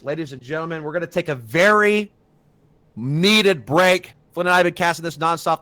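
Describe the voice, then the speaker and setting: High-voiced excited male esports caster. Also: no room sound. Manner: rising excitement, dramatic build-ups. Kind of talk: live play-by-play commentary.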